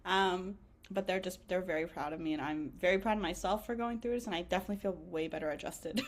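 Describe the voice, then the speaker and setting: A woman's voice: fairly low pitch, fast talker. A young woman in her twenties, a physician assistant student, talking as a podcast guest in a chatty, emotional way with many fillers. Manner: emotional, animated, lots of fillers and laughter. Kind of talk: casual interview chat.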